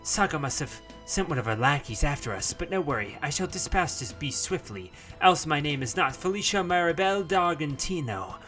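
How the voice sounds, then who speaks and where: A man's voice: fairly high pitch, lively intonation, normal speed, hardly any pauses, a bit bright, faint music behind, voice pushed up. A man voicing a proud, wordy young female sword knight who boasts in archaic, pompous speech, reading a visual novel aloud. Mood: boastful.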